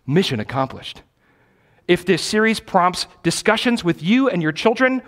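Animated high-voiced male pastor preaching. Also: normal speed. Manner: emphatic, repeats key phrases for stress. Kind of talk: teaching sermon.

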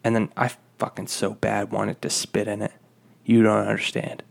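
A young man ranting casually, telling a profane, rambling, exasperated story about a fast-food job. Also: on the low side, monotone, creaky.

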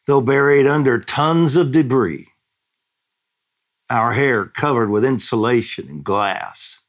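A male pastor with a lowish voice reads a testimony slowly and deliberately. He delivers it as a dramatic devotional reading that jumps up in pitch and volume on the quoted shouts and prayers. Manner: dramatic reading that climbs high and loud on quoted cries. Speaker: pastor leading a daily prayer broadcast.

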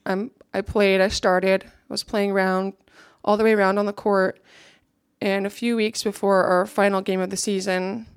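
A woman's voice: medium pitch, smooth, dry recording, studio quality. A young woman giving an earnest, reflective personal testimony to a gathering, now and then checking her notes.

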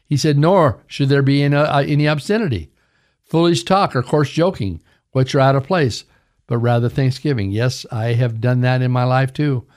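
A man's voice: medium pitch, normal speed, a little mellow. An older man, a pastor, preaching a sermon with emphatic delivery, often calling his listeners "folks". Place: radio broadcast.

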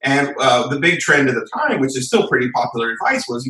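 A man guest chatting casually in an interview, telling stories in an animated way and acting out the people he quotes. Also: mid-range voice, fast talker, few pauses, echoey room, distant mic, low-quality recording. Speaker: podcast guest, software company founder.

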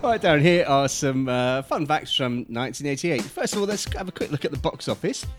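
A man's voice: fairly high pitch, lively intonation, brisk, loud music behind the voice. A British man co-hosting a podcast in casual chat, teasing and jokey. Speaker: podcast co-host.

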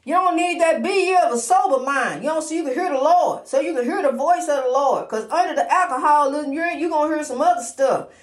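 A woman's voice: sits high, a little fast, few pauses. A woman giving a daily inspirational testimony in a preacherly, repetitive, encouraging way, with many fillers. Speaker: motivational speaker. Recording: roomy echo.

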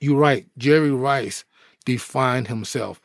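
A middle-aged man, a former pro athlete, telling his life story in a podcast interview with animated, preacher-like energy. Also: mid-range voice, takes it slowly, dry recording, clean studio sound. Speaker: guest, former pro football player.

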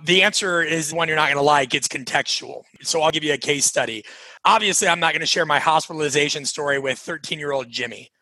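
A man's voice: a little high, fast, no echo, poor audio. Emphatic man telling coaching stories. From Nebraska, USA. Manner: energetic, emphatic, acts out quoted dialogue. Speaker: coaching author and podcast guest. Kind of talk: conversational interview storytelling.

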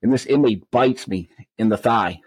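A middle-aged man, a correctional officer, telling his story as an animated interview guest. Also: lowish voice, normal speed, breathy edge, no room sound, rough recording. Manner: animated storyteller who acts out quoted exchanges.

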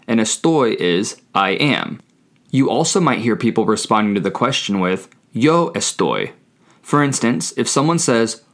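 Lively-pitched man teaching a Spanish lesson. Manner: slow, deliberate, spells words out letter by letter. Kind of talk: scripted language lesson.

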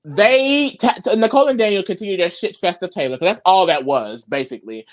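A woman's voice: mid-range voice, brisk. A woman co-hosting a casual recap chat, telling the story with gossip, swearing and acted-out quotes. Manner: animated storytelling, acts out quotes; profane, gossipy. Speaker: podcast co-host.

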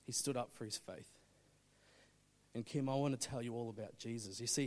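A man preaching a sermon, telling a story and swinging between urgent loud appeals and hushed, intense moments. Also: mid-range voice, normal speed. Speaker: pastor.

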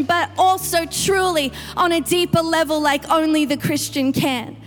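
A woman's voice: high-pitched, fairly even intonation, unhurried, few pauses. A woman pastor preaching a sermon to her church, building to emphatic, rising outbursts. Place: church sanctuary. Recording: long reverb with faint music.

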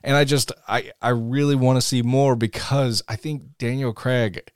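A man's voice: medium pitch, fairly even intonation, moderate pace, clean tone, no echo, studio quality. A man co-hosting a casual podcast, talking enthusiastically and rambling with restarts. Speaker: podcast co-host. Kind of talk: casual chat.

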